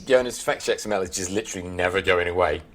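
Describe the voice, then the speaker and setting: Chatty Englishman with a low voice. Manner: chatty, quick to laugh, trails off mid-sentence. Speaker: guest developer. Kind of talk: casual podcast chat.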